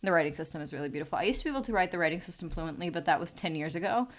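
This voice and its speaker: Very fast and expressive, with fairly low pitch, this late-twenties art streamer rambles casually while she draws live. Swearing comes freely in her easygoing chatter.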